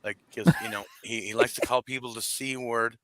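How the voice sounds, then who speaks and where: A man in a casual comedic chat, talking in halting bursts with casual swearing. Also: mid-range voice, steady tone, dry recording.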